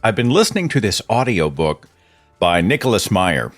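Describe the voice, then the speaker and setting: A man's voice: on the low side, very animated, normal speed, faint music behind. A middle-aged man hosting a podcast monologue, impassioned and exasperated, moving between dry asides and outbursts. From Oklahoma, USA. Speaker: podcast host.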